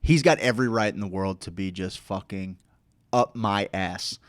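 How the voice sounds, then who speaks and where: A man's voice: on the low side, normal speed, dry recording. A man with a Midwestern American accent telling a long, profane, rambling story as host of a casual live show.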